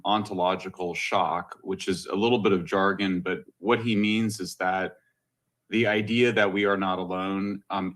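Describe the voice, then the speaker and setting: A man commenting in a news clip, explaining in a measured way with some fillers. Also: deep voice, a bit bright.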